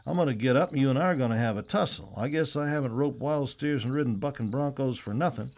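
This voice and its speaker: A man's voice: mid-range voice, quick pace, darkish tone, voice pushed up, natural voice. A man reading an audiobook, voicing a bold young ranch hand who talks plainly and earnestly. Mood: defiant.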